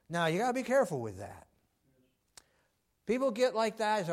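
High-pitched preacher guy, animated sermon, does little voices for the quotes, lots of uh's. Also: brisk, long pauses. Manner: animated, acts out quoted voices, many fillers.

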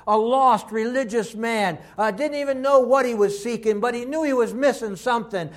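Guy preaching a fiery sermon, pretty high voice, goes loud then real quiet. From Texas. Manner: impassioned preaching, swinging from loud to hushed.

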